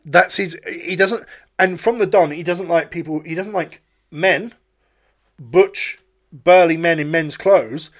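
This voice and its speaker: A man's voice: a little high, slow. A man co-hosting a casual podcast chat, emphatic and sweary, tripping over repeated words when he gets going. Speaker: podcast co-host.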